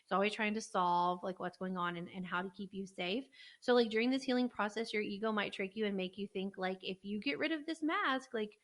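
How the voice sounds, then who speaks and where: A woman's voice: medium pitch, fairly quick, hardly any pauses. Casual woman podcast co-host. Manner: relaxed, explaining, frequent "like" fillers. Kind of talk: casual chat.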